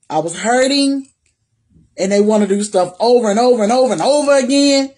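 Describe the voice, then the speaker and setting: A woman's voice: medium pitch, animated, normal speed, darkish tone, breathy edge. Woman, vlogger, personal testimony, emphatic repetition, talks to viewers. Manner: emphatic, repeats phrases for weight; faith-filled encouraging.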